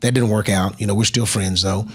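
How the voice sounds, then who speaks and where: Husky middle-aged man telling a story. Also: fairly low pitch, brisk. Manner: animated storyteller who drops to a hush at emotional moments. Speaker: interview guest, motivational speaker. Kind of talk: storytelling interview.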